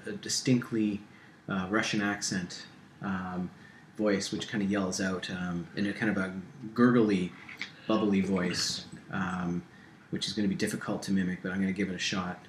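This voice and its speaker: Low-voiced male game master, echoey room. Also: steady tone. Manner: halting, full of ums and restarts. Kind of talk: narrating a tabletop game. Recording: echoey room with faint hiss.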